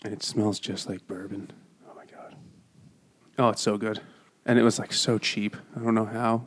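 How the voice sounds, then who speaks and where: A man's voice: on the low side, flat delivery, normal speed. Joking man retelling a story. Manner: crude, joking retelling with acted-out voices. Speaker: podcast co-host. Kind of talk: casual comedic book chat over beers.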